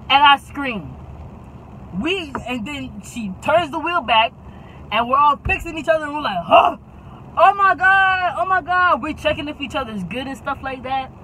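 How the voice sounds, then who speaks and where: A young woman tells a story in a lively, dramatic way and often checks in with "okay?" Her voice is bright and forceful, with faint traffic from outside the car she records in. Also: sits high, moderate pace, rough recording. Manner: animated, dramatic, keeps adding "okay?". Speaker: YouTube storyteller. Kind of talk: casual storytime.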